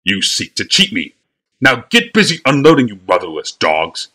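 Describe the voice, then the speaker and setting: A man voicing a blustering, wide-girthed wagon master who shouts angrily and sputters insults, raised high and loud above his own voice in a read-aloud story. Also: very animated, measured pace, full character voice. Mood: furious.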